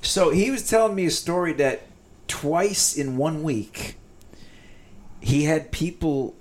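A man's voice: fairly high pitch, takes it slowly, slight background noise. A man co-hosting a casual podcast chat, chiming in often and telling his own stories. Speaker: podcast co-host.

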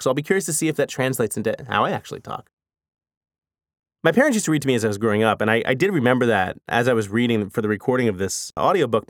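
A man in his forties, an author, talking casually and fast, with lots of "you know" and "like" as he speaks. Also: mid-range voice, no echo, studio quality. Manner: fast, energetic talker who fills speech with "you know" and "like". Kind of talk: casual spoken reflection.

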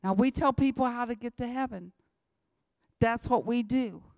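A woman's voice: on the high side, normal speed, creaky, darkish tone, dry recording, clean studio sound. A woman, giving an emphatic church talk about mission work and repeating her key lines. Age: 60s. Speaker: missionary speaker.

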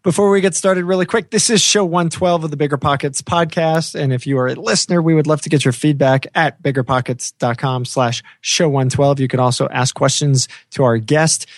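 A man's voice: on the high side, fairly even intonation, brisk, few pauses, dry recording, studio quality. A man co-hosting a podcast in easygoing casual chat, with lots of fillers and restarts. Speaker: podcast co-host.

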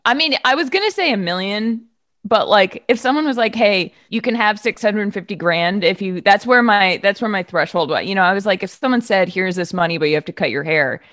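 A woman's voice: mid-range voice, expressive, fairly quick, a bit bright, no room sound, clean studio sound. A woman guest on a podcast game show, chatty and given to telling little stories. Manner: chatty, storytelling. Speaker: guest, sports media host. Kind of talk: casual podcast chat.

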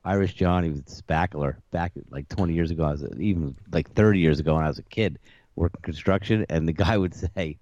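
A man's voice: low voice, fast talker, a little mellow, no room sound, muffled recording. A man co-hosting a podcast, chatting in an easygoing and agreeable way. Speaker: podcast co-host. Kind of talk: casual chat.

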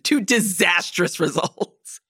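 A woman's voice: lowish voice, takes it slowly, bright, forceful tone, breathy edge, no room sound, clean studio sound. A woman co-hosting a podcast in casual chat, blunt and joking with some swearing. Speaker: podcast co-host.

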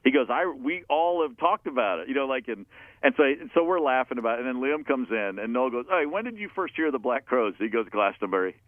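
A man, a musician guest, telling an anecdote in a loose, animated way, swearing often and laughing at himself. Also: mid-range voice, fairly quick, no echo. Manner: animated, profane storyteller who laughs at himself. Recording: tinny phone-like dry sound.

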